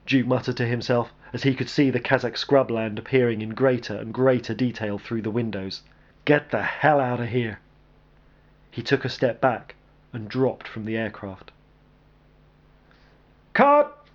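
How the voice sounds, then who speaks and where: A man reading a military action story aloud as narrator, in a steady, even delivery. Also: mid-range voice, lo-fi sound.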